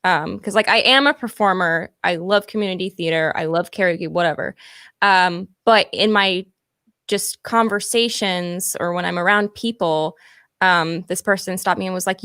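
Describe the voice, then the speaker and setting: A woman in casual chat on a call-in show, talking candidly and quickly, laughing at herself and full of fillers. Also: lowish voice, fairly bright tone, clean tone, no room sound, clean studio sound.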